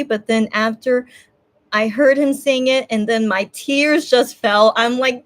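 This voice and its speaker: Her voice sits high and her pace is measured as this woman, hosting a fan watch party on stream, speaks casually to her viewers. Teary and almost crying, she rambles emotionally, restarting sentences and using plenty of fillers.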